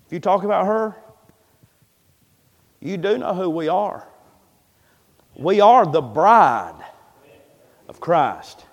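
In a lo-fi recording with a big hall's long reverb, a pastor preaches slowly in a high-pitched, expressive voice, leaving long pauses. His sermon is impassioned and folksy, with words often repeated as he builds.

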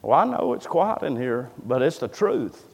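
A man preaching a sermon in a church, fervent and emphatic, swinging between loud cries and quiet asides, repeating words as he builds. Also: medium pitch, sing-song, normal speed, vocal fry. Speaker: pastor. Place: church sanctuary. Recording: echoey church hall sound.

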